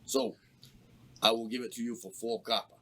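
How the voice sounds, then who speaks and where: A man's voice: mid-range voice, flat delivery, moderate pace, a bit bright, a little hiss or hum. A man playing a tabletop game, talking playfully in a mock-formal character voice. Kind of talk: in-character role-play.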